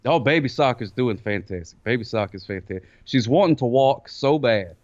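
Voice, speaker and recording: A man voicing a sock puppet police officer, a folksy new dad who talks in a lively drawl. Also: moderate pace, no room sound, lo-fi sound, lightly acted. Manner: folksy drawl, does a squeaky baby voice for quotes. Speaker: guest. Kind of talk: comedic puppet character chat.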